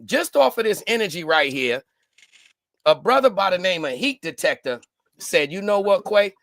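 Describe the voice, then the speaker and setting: Animated, gravelly man telling stories. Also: sits high, normal speed, dry recording. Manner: animated storyteller, doing voices. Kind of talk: casual chat.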